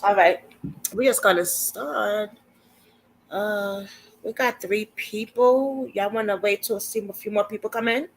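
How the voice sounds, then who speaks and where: A woman's voice: mid-range voice, measured pace, slight background noise, low-quality recording. A woman hosting a casual livestream, chatty and informal, laughing often as she talks. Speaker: livestream host.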